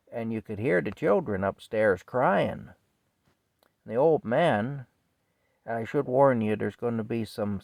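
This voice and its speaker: Folksy rambling male storyteller, low voice. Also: a little mellow, no room sound. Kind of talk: casual family storytelling. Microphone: camera mic.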